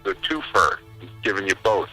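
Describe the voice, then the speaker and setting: A man's voice: sits low, lively intonation, moderate pace, sharp tone, soft background music, poor audio. A man chatting as a guest on a comedy podcast, easygoing and joking. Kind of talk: casual chat.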